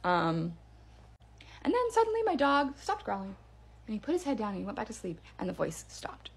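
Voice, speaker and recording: A woman casually telling a spooky story in a clip, with hushed delivery and drawn-out pauses for suspense. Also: medium pitch, very animated, slightly rough. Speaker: storyteller in a social video clip.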